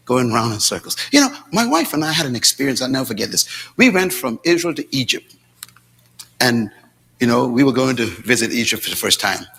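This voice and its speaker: Lively bright-voiced preacher man. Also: vocal fry, husky. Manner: dramatic, shifting from shouts to low asides; storytelling with quoted dialogue. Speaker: pastor. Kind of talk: sermon. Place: church with congregation responding.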